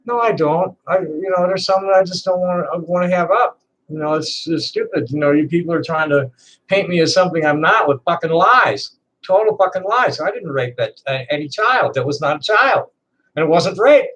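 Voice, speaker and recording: A trans woman in her sixties ranting to camera in a profane, defiant, bitter way, halting and repeating words with laughing asides. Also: lowish voice, fairly bright tone, muffled recording. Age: 60s. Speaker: vlogger. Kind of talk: unscripted rant to camera.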